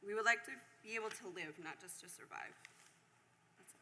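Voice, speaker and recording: A woman in her forties reads her statement at a council podium, earnest and a little nervous. Her voice is bright and clear, with a crisp edge. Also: mid-range voice, fairly quick, a little hiss or hum. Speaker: hospital lab worker. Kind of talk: read public comment. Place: city council chamber.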